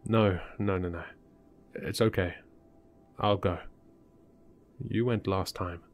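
A man's voice: low voice, steady tone, slow pace. A man voicing a frustrated young husband in a horror story reading. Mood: exasperated. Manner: blunt, exasperated.

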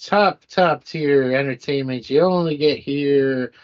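A man's voice: medium pitch, takes it slowly. Wisecracking male podcast co-host. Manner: wisecracking, sarcastic. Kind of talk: casual comedic banter. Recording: dull lo-fi audio, faint music.

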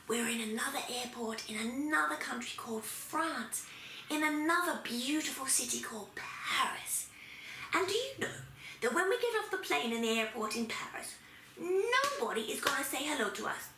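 An Australian early childhood language teacher demonstrates a playful preschool activity, acting things out as though for small children. Her high voice is expressive, pushed and bright, at a normal speed, in an echoey room with faint noise.

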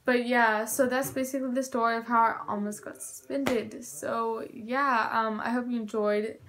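A teenage girl with a fairly high voice recounts a school story in an excitable, filler-filled chat. Her speech bubbles with "like" and quick restarts. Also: background noise. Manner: chatty, filler-heavy with "like", excitable. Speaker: vlogger. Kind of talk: storytime vlog.

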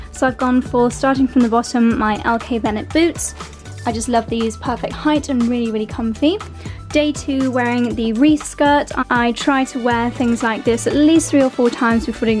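A young woman, chatting casually as a fashion vlogger about her outfits and day. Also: on the high side. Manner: chatty, upbeat, rambling outfit descriptions. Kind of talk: casual vlog narration.

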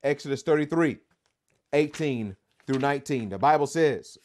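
A man's voice: fairly high pitch, normal speed, darkish tone. A man teaching a Bible study, reading scripture aloud and then preaching with growing fervor and call-and-response questions. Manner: reads scripture aloud, then rises to fervent, emphatic preaching; quizzes listeners with repeated "what?".

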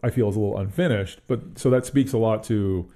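A man with a low, gravelly voice and a dark, mellow tone talks through a tabletop adventure in casual podcast chat. He thinks aloud as he goes, restarting sentences and hedging his points. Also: fairly quick. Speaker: podcast co-host.

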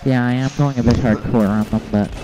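A man's voice: medium pitch, steady tone, a little fast, background noise. A man giving live play-by-play of his own game, reporting his moves and his deaths as they happen. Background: game music and gunfire.

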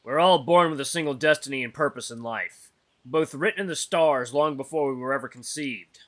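A man's voice: mid-range voice, fairly quick, fairly bright tone, natural voice. A man voicing a serious young male wolf heir as he reads a visual novel aloud, with an earnest, solemn delivery. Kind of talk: voiced visual novel reading.

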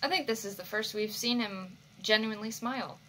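A woman hosting an anime reaction, talking back to the screen in an expressive way and swearing freely. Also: medium pitch, a little fast, faint music behind. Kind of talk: reaction commentary.

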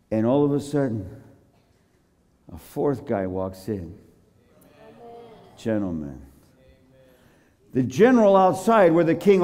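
Man, preacher, high lively voice, slow delivery, dramatic storytelling, long hall reverb. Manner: acts out characters, laughs, shouts at climaxes.

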